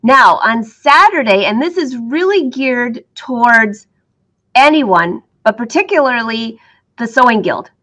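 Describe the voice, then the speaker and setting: A woman's voice: a little high, lively intonation, a little slow, pushed and bright. A middle-aged woman who teaches sewing, chatting upbeat to her viewers, laughing often and fighting the hiccups. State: has the hiccups. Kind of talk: casual chat to viewers.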